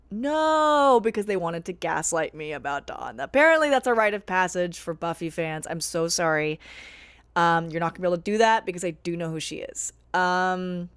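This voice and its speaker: A woman's voice: on the low side, no echo. Chatty woman reviewing a show, dry sound. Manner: chatty, animated, self-deprecating. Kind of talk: casual vlog commentary.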